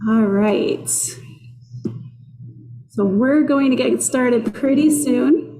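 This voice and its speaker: A woman's voice: sits high, drawn-out words, mellow, roomy sound, a little hiss or hum. A woman with a Minnesota accent teaching a live online cooking class from her kitchen, chatty and upbeat as she greets viewers. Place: kitchen workspace.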